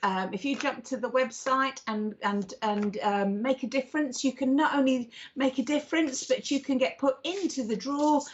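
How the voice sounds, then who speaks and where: A woman's voice: sits high, moderate pace, few pauses. A British woman co-hosting a live psychic stream, bubbly and affectionate, greeting viewers with endearments. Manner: bubbly, affectionate, calls people darling. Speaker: psychic co-host. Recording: dull lo-fi stream audio.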